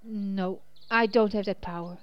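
A woman's voice: mid-range voice, fairly even intonation, measured pace, clear, resonant tone, dull audio, lightly acted. A woman doing Norma, a kind young witch. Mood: gentle.

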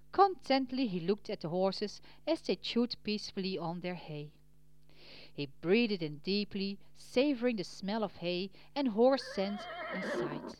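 A woman reading a storybook aloud, gentle and expressive, trailing softly at sentence ends. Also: medium pitch, dry recording. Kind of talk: storybook narration.

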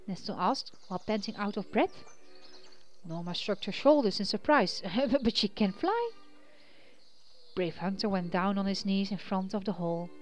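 A woman narrating a children's storybook in an expressive reading voice. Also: mid-range voice, normal speed.

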